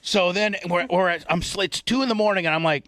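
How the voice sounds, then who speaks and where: A man hosting a talk radio show, swearing freely as he rambles through a long crude story. His voice sits a bit high for a man. The studio sound is close and dry. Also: quick pace, fairly bright tone, no echo. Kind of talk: crude casual studio banter. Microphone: studio microphone.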